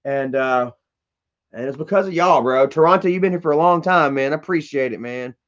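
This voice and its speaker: A man's voice: fairly high pitch, a little fast. A man hosting a livestream, ranting bluntly and with profanity while reading chat comments aloud. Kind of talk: candid casual livestream rant. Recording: dull lo-fi stream audio.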